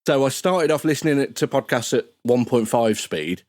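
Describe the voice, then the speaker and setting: Podcast guest guy, rambly and chatty, mid pitch voice, dead dry mic. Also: moderate pace, a little mellow, no echo. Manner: rambling, chatty, many restarts. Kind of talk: casual podcast chat.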